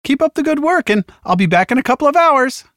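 A man's voice: extremely high pitch, animated, quick pace, fairly bright tone, no room sound, studio quality, pitched above the performer's own voice. A man voicing an overly cheerful male medic with a chirpy, bubbly delivery.

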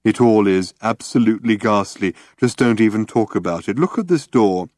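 Depressed robot guy, a man putting it on, low flat drone, deep voice, no room sound. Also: normal speed, no echo, studio quality, close to an everyday voice. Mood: gloomy. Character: gloomy, depressed male robot.

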